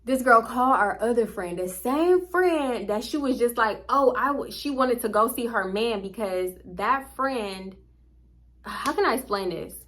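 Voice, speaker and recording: Young woman, storytime vlogger, bright voice, high, chatty, slangy, curses, acts out quotes. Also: animated, measured pace. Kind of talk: casual storytime.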